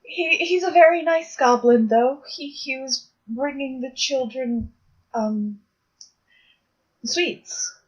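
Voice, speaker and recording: A woman's voice: high voice, slow pace, poor audio. A woman voicing a young adventurer who fumbles through explanations to her mother in a tabletop game. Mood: awkward. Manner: hesitant, fumbling, many fillers. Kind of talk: tabletop role-play voicing.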